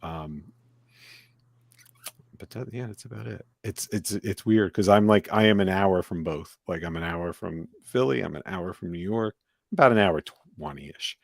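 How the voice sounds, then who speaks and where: Here a deep, creaky-voiced man from the United States talks at a normal speed. He's hosting a podcast and chatting loosely, rambling with plenty of fillers and false starts, in a dry, studio-quality recording.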